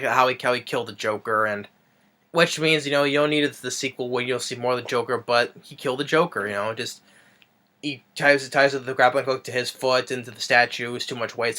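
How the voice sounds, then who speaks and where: A man's voice: mid-range voice, sharp tone. A man casually recapping a movie as a reviewer, rambling with lots of fillers and restarts.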